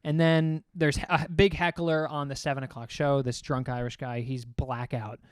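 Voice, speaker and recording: Brief: young male comedian, lively storyteller, smooth clear voice. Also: mid-range voice, moderate pace, dry recording, clean studio sound. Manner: animated, rambling, acts out quotes. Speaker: comedian and podcast host. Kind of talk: casual storytelling chat.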